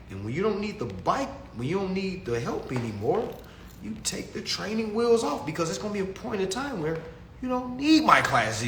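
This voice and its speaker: A man's voice: high voice, vocal fry, a bit bright, slight background noise. A young man teaching consumer law in a casual, preachy talk to his followers, repeating himself and calling them family. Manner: preachy, repetitive, calls listeners family. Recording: echoey room with faint ambience.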